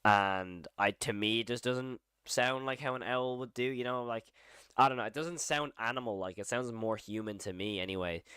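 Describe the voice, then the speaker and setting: A man's voice: mid-range voice, steady tone, normal speed, sharp tone, smooth, no room sound, clean studio sound. A man hosting a casual live horror reaction stream, thinking aloud, rambling and repeating phrases as he goes. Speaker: horror channel host.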